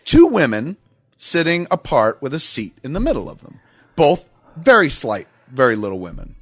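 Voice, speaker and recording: A man's voice: medium pitch, wildly swooping pitch, moderate pace, a bit bright, husky, no room sound, clean studio sound. A middle-aged man hosting a podcast, telling a long story in a casual, profane, self-mocking way. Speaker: podcast host.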